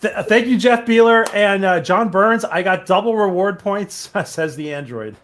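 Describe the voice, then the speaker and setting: Higher-voiced man hosting a live chat. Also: fairly bright tone. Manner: brisk, reads out questions. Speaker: host. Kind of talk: hosting, reading viewer comments.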